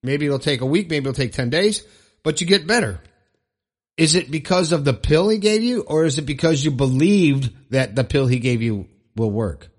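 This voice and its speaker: A man's voice: fairly high pitch, animated, normal speed. Upbeat rambling man hosting a talk show. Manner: rambling, upbeat, repeats phrases for emphasis. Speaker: podcast host. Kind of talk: solo motivational talk show.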